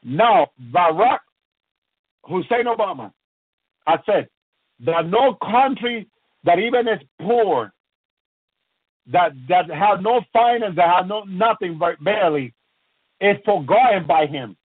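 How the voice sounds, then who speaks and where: Male preacher, fervent sermon, high voice, thin phone-like sound. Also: animated, breathy edge, no room sound. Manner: fervent, repeats prayerful refrains, halting restarts. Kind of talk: impassioned sermon. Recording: tinny phone-like line, dry.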